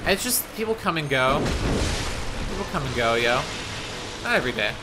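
A young man chatting to his viewers and reacting loudly while he streams a game, with frequent panicky outbursts. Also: medium pitch, very animated, normal speed, heavy background noise. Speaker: gaming streamer. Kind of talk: live gameplay commentary. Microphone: desk microphone.

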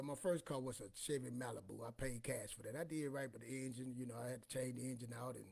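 Male host, 40s, husky voice, mid pitch, rambling casual storyteller. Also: a little mellow. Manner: rambling, repeats "you know what I'm saying".

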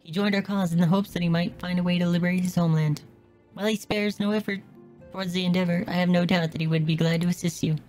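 A woman reading aloud as a calm, formal female leader in a game, measured and composed. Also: on the low side, faint music behind, lightly acted.

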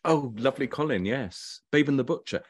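Lively man telling anecdotes. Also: mid-range voice, a little fast, no room sound. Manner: animated anecdote-telling, chuckling. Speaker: interview guest, writer and actor. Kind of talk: casual chat on a video call.

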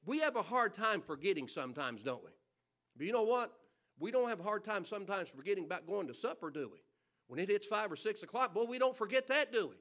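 A man preaching a sermon at a church service. He asks the congregation questions and suddenly gets loud to stress a point. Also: sits high. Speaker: pastor.

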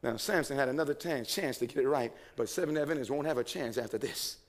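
A man's voice: mid-range voice, quick pace. A man preaching a sermon, asking the congregation questions, answering them himself and reading quotations aloud.

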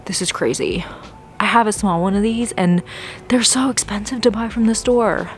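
A woman's voice: medium pitch, moderate pace, a little hiss or hum. Gushing, breathless woman plant vlogger. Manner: gushing, gasping, whispering in awe. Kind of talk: excited shopping vlog. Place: big box store garden section.

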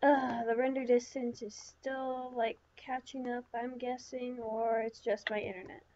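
A woman's voice: a little high, flat delivery, a little slow, darkish tone, lo-fi sound, slight background noise. A woman giving chatty, rambling let's-play commentary, talking to herself with lots of fillers. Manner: rambling, chatty self-talk with many fillers. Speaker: gaming channel host.

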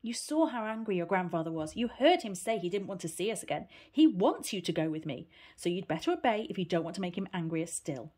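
A woman voicing an impatient aunt in a storybook reading, speaking firmly and briskly, sometimes coaxing. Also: fairly low pitch, big pitch swings, a little mellow. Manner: snappy, firm and coaxing. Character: brisk, impatient aunt hurrying a child along.

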